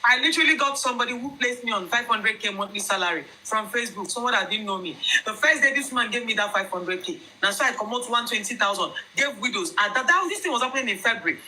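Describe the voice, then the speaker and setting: A young Nigerian woman with a Nigerian accent telling viewers her own story in an emphatic, animated way. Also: a little high, fast talker, hardly any pauses, slight background noise, poor audio. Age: young adult.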